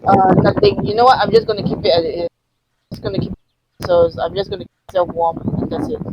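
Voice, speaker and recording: High, gravelly man with loud wind noise. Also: big pitch swings, fast. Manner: hesitant, thinking aloud. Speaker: player. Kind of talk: casual tabletop play.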